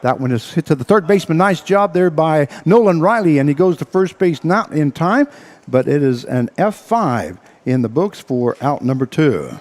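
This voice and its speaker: A man calling a local baseball game as play-by-play announcer, out of breath and talking in halting bursts full of uhs. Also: a little high, animated, a little mellow. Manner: halting, filler-heavy play-by-play with frequent uhs. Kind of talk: baseball radio commentary.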